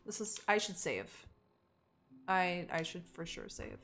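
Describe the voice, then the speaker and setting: A woman's voice: on the low side, unhurried, a bit bright, slight background noise. A woman streaming a game live, chatting casually with her viewers, swearing freely and talking to herself as she plays. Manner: casual, profane, talks to herself and chat.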